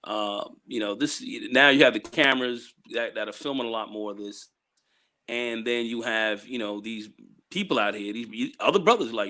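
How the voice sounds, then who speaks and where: A male guest speaks in a loose, rambling way, piling up "you know"s between his points. His voice sits at an ordinary middle pitch. The talk is casual and unscripted. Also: moderate pace, sharp tone. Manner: rambling, repeats "you know", acts out quoted people. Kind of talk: casual discussion.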